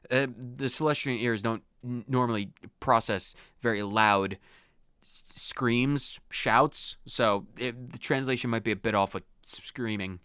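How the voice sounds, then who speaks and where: A man's voice: medium pitch, a little slow, fairly bright tone, clear, resonant tone, dry recording. A man hosting a let's play, giving wry, joking game commentary.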